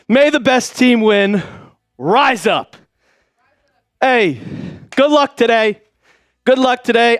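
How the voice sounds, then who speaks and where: Hyped high-voiced male sports streamer. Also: smooth, dry recording, studio quality. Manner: hyped, shouting, reading out donations. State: out of breath. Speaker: livestream host. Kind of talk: excited live stream chat.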